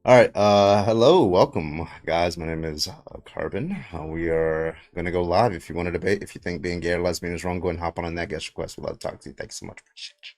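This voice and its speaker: Very low-voiced man hosting a livestream. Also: fast talker, few pauses, a little mellow. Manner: loose, laughing, swears casually. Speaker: livestream debate host. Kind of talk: casual livestream chat.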